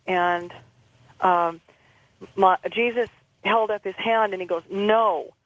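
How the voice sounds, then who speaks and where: A woman speaks calmly as an interview guest, halting and repeating her words. Her delivery stays even and flat, with little rise and fall. The sound is muffled, like a phone line. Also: medium pitch, dry recording. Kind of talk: recounting a personal experience.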